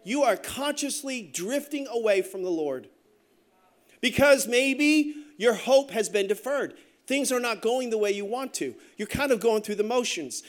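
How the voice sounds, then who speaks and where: A middle-aged man preaching a sermon as pastor, telling stories with joking asides in an animated way. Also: extremely high pitch, measured pace.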